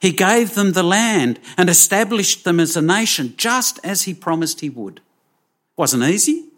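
A man preaching a sermon, slow and emphatic, with dramatic pauses. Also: high voice, animated, fairly bright tone.

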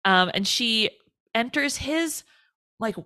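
A woman's voice: on the high side, lively intonation, takes it slowly, bright, forceful tone, dry recording. A woman co-hosting a podcast, chatting casually as she retells a film scene by scene with lots of "like" and quoted lines. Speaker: podcast co-host. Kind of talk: casual movie recap chat.

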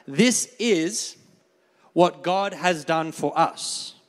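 Pastor, man, high voice, chatty sermon, long hall reverb. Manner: conversational, asks the crowd for amens; animated, laughs often. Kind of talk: sermon with a volunteer on stage.

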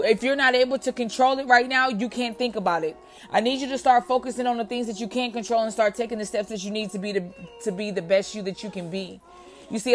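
A woman hosting a motivational podcast, telling a story in a conversational way, calling the listener friend and repeating phrases for emphasis. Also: on the high side.

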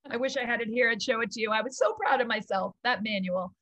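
Middle-aged woman gushing about her yoga stories, laughs a lot, kinda high voice, super dry close sound. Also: fast, no room sound. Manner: animated, laughing, gushing storyteller. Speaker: guest, kids yoga founder. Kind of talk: casual storytelling interview.

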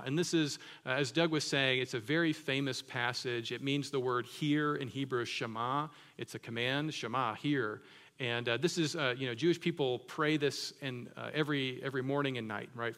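A man's voice: mid-range voice, fairly bright tone. A man preaching a sermon in a conversational way, often checking in with "right?" and rising to emphatic peaks on key words. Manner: conversational, keeps asking "right?". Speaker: pastor.

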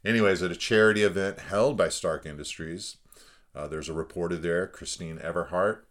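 A man's voice: low-pitched, fairly quick, a bit bright. A man co-hosting a father-daughter podcast, recapping a film in a rambling casual way with frequent laughs. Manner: rambling, laughs often, fillers.

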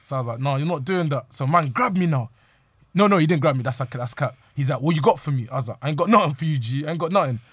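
A man's voice: fairly high pitch, animated, quick pace, slightly rough, no room sound. A young man, animatedly telling a street story to friends and acting out the quotes. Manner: slangy, acts out quoted lines.

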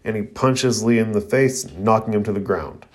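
A man's voice: on the low side, moderate pace. A man reviewing an anime episode, retelling the scenes in casual recap narration. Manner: retelling scenes with "you know" and "uh" fillers.

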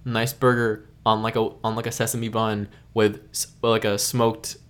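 A man's voice: on the low side, level tone, moderate pace. A young man co-hosting a podcast, chatting casually in a playful, joking way. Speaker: podcast co-host. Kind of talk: casual chat.

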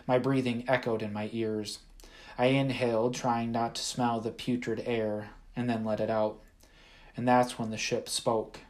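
A man reading a first-person audiobook in a measured, even storytelling manner. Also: mid-range voice. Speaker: audiobook narrator.

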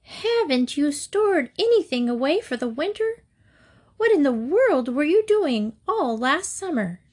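A woman voicing a family of busy, scornful ants in a storybook fable, mocking and shrill. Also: big pitch swings, slow pace, full character voice.

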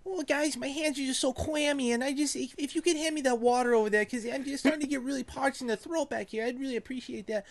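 A man's voice: very high-pitched, fairly even intonation, fast, few pauses, voice pushed up. A man putting on a whiny, fussy nervous guy. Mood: fretful. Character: fussy nervous young man, clammy and easily overheated. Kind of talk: casual podcast banter.

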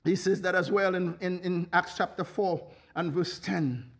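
Very high-voiced fervent male preacher. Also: steady tone, a little slow. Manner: fervent, peppered with hallelujahs and laughter. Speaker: pastor. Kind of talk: sermon.

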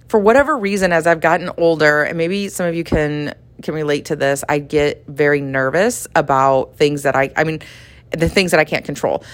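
Chatty woman teaching faith. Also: sits low. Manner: conversational, animated, acts out dialogue, laughs often. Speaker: podcast host and Bible teacher. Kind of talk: devotional teaching.

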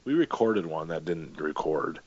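A man's voice: extremely low pitch, lively intonation, measured pace, over a noisy crowd. A man co-hosting a podcast, making dry, matter-of-fact remarks in casual chat. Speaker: podcast co-host. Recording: dry, dull lo-fi audio.

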